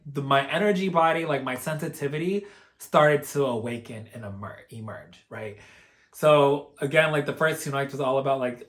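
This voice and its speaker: A man's voice: mid-range voice, a bit bright. A man casually telling a personal story in an earnest, openly emotional way, rambling and filling his talk with "like" and "you know". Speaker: spiritual vlogger.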